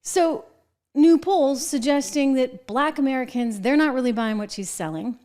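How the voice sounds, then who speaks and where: Middle-aged woman host; opinionated political commentary, sarcastic and animated, slightly high voice. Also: moderate pace. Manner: sarcastic, animated, mocking asides.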